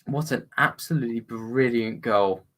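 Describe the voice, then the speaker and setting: A man hosting a live football watch-along, chatting and breaking into excited commentary. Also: medium pitch, normal speed. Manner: excitable, bursts into loud commentary on goals.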